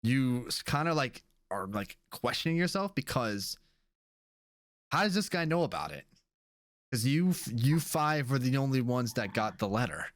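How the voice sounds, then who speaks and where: A man's voice: mid-range voice, sing-song, normal speed, no room sound, clean studio sound. A man narrating a tabletop game as dungeon master, chatty and loose with many fillers.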